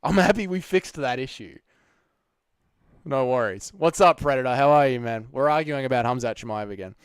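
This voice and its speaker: A man's voice: medium pitch, normal speed, smooth, no echo, clean studio sound. Sarcastic, foul-mouthed Australian man. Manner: sarcastic, profane and blunt. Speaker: live stream host reading chat. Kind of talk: casual live stream chat.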